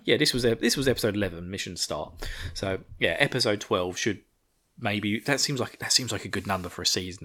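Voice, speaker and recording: A man's voice: lowish voice, sharp tone. A man co-hosting a podcast, recapping an episode in a casual, rambling way and chuckling often. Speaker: podcast co-host. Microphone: podcast microphone.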